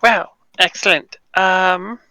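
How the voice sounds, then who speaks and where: A very bright, forward voice that comes out slowly and unhurried, answering with coy playfulness. The sound is close and dry, with no room around it. It is a player in a tabletop game, partly in character. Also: mid-range voice, steady tone, no echo, low-quality recording. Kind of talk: casual in-character play.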